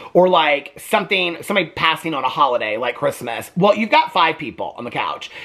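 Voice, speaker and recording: A man's voice: on the high side, pushed and bright. A man giving sassy, emphatic casual commentary on a TV show, often ending with "okay?". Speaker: TV reaction vlogger.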